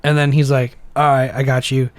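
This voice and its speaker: A young man co-hosting a casual podcast over beers, rambling and laughing often, jumping into high voices when imitating people. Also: little pitch movement, brisk, no echo. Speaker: podcast co-host.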